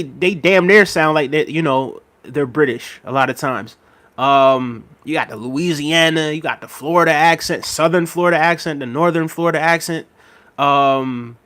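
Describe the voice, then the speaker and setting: Guy livestreaming, kinda high voice, rambly and laughing a lot, talking to chat. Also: a bit bright. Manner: rambling and chatty, laughs often, addresses viewers directly. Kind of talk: casual livestream chat, reading out chat.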